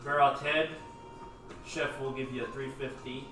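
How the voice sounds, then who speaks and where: A man's voice: mid-range voice, level tone, far from the mic. Man game master, matter-of-fact, echoey room, music playing behind. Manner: matter-of-fact, quotes prices briskly. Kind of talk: tabletop game session.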